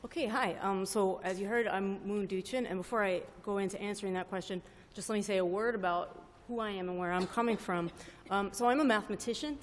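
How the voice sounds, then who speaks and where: Female panelist, explanatory and self-deprecating, mid-pitched, reverberant hall. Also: fairly quick, slight background noise. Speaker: mathematician, panelist. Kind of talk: panel discussion. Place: large conference hall.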